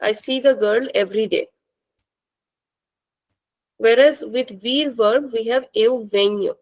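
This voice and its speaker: Slow, patient woman language teacher. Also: fairly high pitch, low-quality recording. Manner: slow, patient, repeats words for students. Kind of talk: online class teaching.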